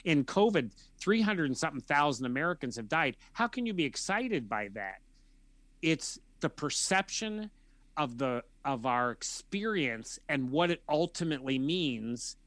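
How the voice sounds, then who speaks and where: A man answering an interview question, explaining feelings in a measured way and repeating phrases as he lists them. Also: fairly high pitch, big pitch swings, fairly bright tone, dry recording. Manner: measured, repetitive listing of feelings. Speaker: guest expert.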